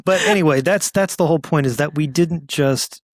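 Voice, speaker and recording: A man's voice: fairly high pitch, a little fast, no echo, clean studio sound. A man co-hosting a casual podcast, talking in an easygoing, chatty way and chuckling now and then. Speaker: podcast co-host. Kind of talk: casual chat.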